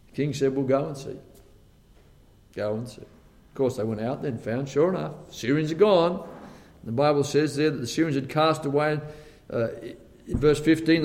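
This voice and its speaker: Animated male preacher in an echoing hall. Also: on the high side, a little fast. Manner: animated storytelling, acting out the characters' lines. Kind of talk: sermon retelling a Bible story. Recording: long reverb of a large hall.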